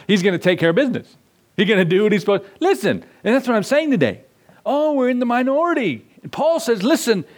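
Impassioned preacher man, twang. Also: sits high. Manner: impassioned preaching with sudden swings between loud and soft; acts out dialogue in a storyteller's voice. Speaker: pastor. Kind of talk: sermon.

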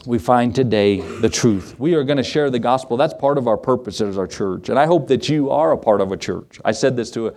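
A man's voice: mid-range voice, fairly quick, hardly any pauses, darkish tone. A man pastor preaching a sermon in an earnest, folksy way, chuckling often and driving points home with repetition. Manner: emphatic repetition, rising preacher cadence.

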